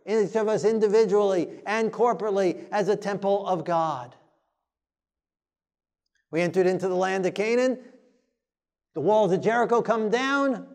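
A man preaching a sermon, forceful and plain-spoken, mocking timid voices as he quotes them. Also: extremely high pitch.

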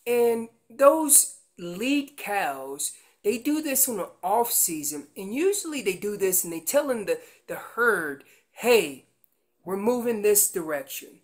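A man's voice: high-pitched, big pitch swings, takes it slowly, hardly any pauses. A man explaining how to make an elk call, teaching in an earnest way and often repeating words as he goes. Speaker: elk calling instructor.

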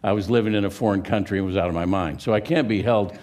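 Folksy older pastor telling jokey stories. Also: male voice, fairly low pitch, fast, darkish tone. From California. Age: 70s. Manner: folksy, joking storyteller. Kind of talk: sermon. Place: church sanctuary.

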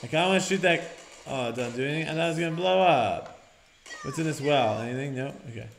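Young male gaming host, animated and shouty, roomy room tone, faint music bed. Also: a little high, fast talker, gravelly. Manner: energetic, bursts into loud shouts, reads on-screen prompts aloud. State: sore mouth after dental work. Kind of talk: excited let's-play commentary. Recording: roomy home recording with game music behind.

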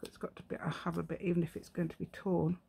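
This craft channel host, a middle-aged woman, talks her way through a relaxed tutorial while working, musing aloud, making fun of herself and humming snippets of songs. She speaks quickly in a lowish, flat, creaky voice that is warm yet slightly rough.

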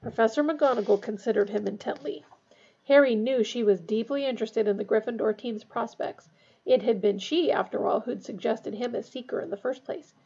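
A woman reading a storybook aloud in a steady, expressive way. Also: a little high, moderate pace, slightly rough. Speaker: reader. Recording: dull lo-fi recording.

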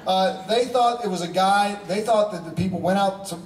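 A middle-aged man telling stories to fans on a convention panel, animated and emphatic, repeating phrases for effect. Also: high voice, moderate pace, a crowd in the background. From United States. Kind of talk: storytelling to a fan audience. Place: convention hall. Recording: echoey hall, heard from far off.

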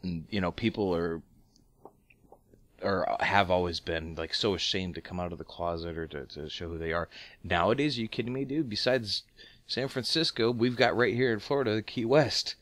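A man's voice: sits low, normal speed, a bit bright. A man co-hosting a podcast in laid-back casual chat, drawling loosely and trailing off mid-thought. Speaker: podcast co-host.

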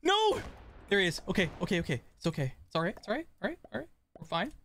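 A man streaming a strategy game live, swinging between excited shouts and quiet muttering, scolding his chat. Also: high-pitched, quick pace, slight background noise. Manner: swears mildly, talks to chat.

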